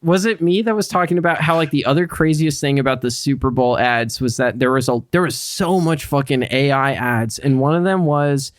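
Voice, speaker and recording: A man's voice: medium pitch, brisk, hardly any pauses, no room sound. A man co-hosting a podcast in casual chat, rambling and swearing, with lots of "like" fillers. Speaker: podcast co-host.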